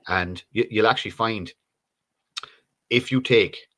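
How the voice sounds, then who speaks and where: A man's voice: lowish voice, measured pace, a bit bright. A middle-aged Irish man co-hosting a live stream chat, blunt and profane, restarting his sentences as he talks. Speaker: co-host.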